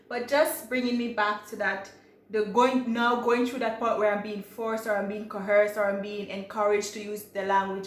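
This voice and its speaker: Chatty Jamaican woman in an echoey room. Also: medium pitch. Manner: chatty and reflective, many fillers and restarts. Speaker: vlogger. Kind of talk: casual personal talk to camera. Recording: echoey room with faint ambient noise.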